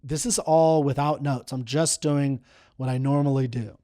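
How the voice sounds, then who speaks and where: A middle-aged man teaching poetry, reading a poem slowly and then explaining it in an earnest way that repeats words for stress. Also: medium pitch, steady tone, mellow.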